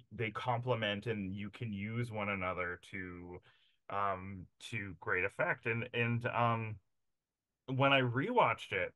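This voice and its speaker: Male interviewer, low voice, hesitant and wordy, dry close sound. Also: bright, forceful tone, no room sound. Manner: halting, searching for words, many fillers. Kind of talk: casual interview chat.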